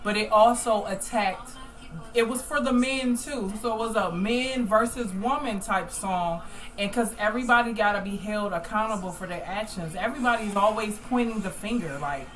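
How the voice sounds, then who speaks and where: A woman hosting a group call, telling a story in a loud, emotional, animated way. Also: medium pitch, normal speed, poor audio. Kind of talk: casual storytelling chat.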